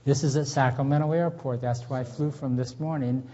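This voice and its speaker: Talking a little fast in a steady, dark, mid-range voice, a middle-aged man presents a health seminar at a church. His style is folksy and chatty, with audience questions and jokes, heard through a dull lo-fi recording in an echoing hall.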